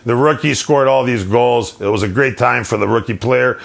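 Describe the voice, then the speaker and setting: A male host delivering a solo rant as an animated, profane story. His voice has a gravelly edge at a middle pitch. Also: moderate pace. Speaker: podcast host.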